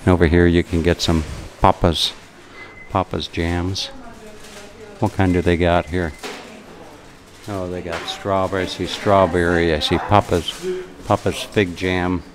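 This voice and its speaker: A man's voice: sits low, flat delivery, measured pace, long pauses, a crowd in the background. A man filming a casual travel vlog in a roadside café, chatty and enthusiastic, rambling with restarts. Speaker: travel vlogger.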